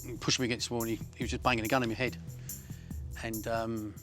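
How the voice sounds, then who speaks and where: A man's voice: medium pitch, level tone, fast, music in the background. A man, recounting a violent episode in blunt, coarse words. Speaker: interviewee.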